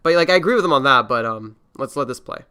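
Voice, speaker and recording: A man's voice: medium pitch, expressive, fast talker, pushed and bright, smooth. A man hosting a casual reaction podcast, rambling and swearing freely. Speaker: podcast host.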